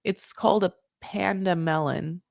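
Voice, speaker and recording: A woman hosting a casual recap podcast, animated and sarcastic, swinging between loud outbursts and muttered asides. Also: on the low side, unhurried, gravelly, no echo, studio quality. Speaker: podcast host.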